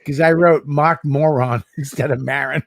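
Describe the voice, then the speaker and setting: A man co-hosting a podcast in casual chat, excitable and self-mocking, swearing often. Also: on the high side, normal speed, gravelly, dry recording, clean studio sound. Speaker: podcast co-host.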